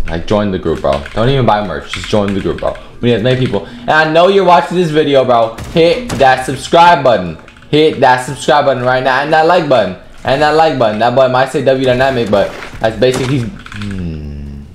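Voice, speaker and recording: A man's voice: medium pitch, echoey room, a little hiss or hum. A man giving profane, taunting commentary over his own gameplay. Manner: profane, taunting trash talk. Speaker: gaming video host.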